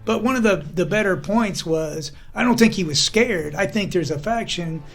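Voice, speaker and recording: A man's voice: sits high, normal speed, faint music behind. A man co-hosting a podcast, telling stories in a rambling casual chat, peppering his talk with "you know". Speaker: podcast co-host.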